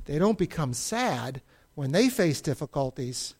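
A Bible teacher animatedly tells stories to a class, shifting between loud outbursts and hushed moments and calling on people to read. His voice is medium-pitched and slightly rough, with an unhurried delivery.

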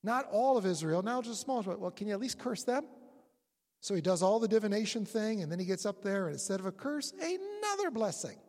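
Husky, lively preacher in an echoey hall. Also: medium pitch, fast, few pauses. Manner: storytelling, animated retelling with acted-out quotes. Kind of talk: sermon.

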